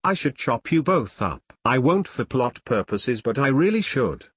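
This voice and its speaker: A man's voice: medium pitch, sing-song, moderate pace, fairly bright tone, husky, no room sound. A man voicing a foul-mouthed, hot-headed male gangster who rants profanely, read close to the mic. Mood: indignant.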